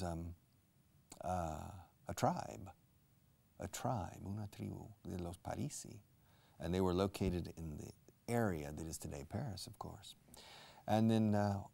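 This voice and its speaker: A man with a low, dark, gravelly voice teaches English. He wanders from one question to side notes on words and switches into Spanish to explain them. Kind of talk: live-streamed English lesson.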